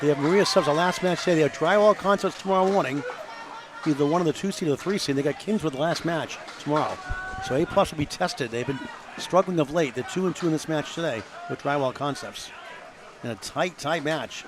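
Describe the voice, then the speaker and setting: A man's voice: fairly high pitch, brisk. A man commentating on bowling, rattling off scores, schedules and standings updates. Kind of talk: live sports commentary. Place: bowling alley. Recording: noisy bowling alley broadcast.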